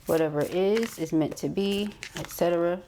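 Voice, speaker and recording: A woman giving a tarot card reading, reading card messages aloud and explaining them, ending many phrases with a quick "okay?". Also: lowish voice, warm tone, a little hiss or hum. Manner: reads card messages aloud then interprets. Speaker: tarot reader.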